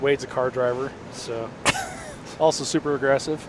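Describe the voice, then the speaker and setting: A man chats casually as a podcast co-host, drifting through stories with plenty of ums and likes. His voice sits at an ordinary middle pitch. He is recorded inside a truck on the road, and engine and road noise come through clearly behind him. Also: steady tone, moderate pace. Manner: chatty storyteller, loose with fillers. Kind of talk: casual chat. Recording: noisy car interior.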